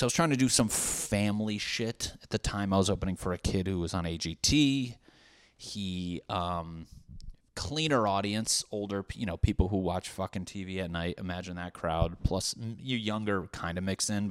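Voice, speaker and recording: A man's voice: low voice, no room sound, studio quality. A young man, a stand-up comedian, talking casually and profanely in rambling, self-deprecating asides.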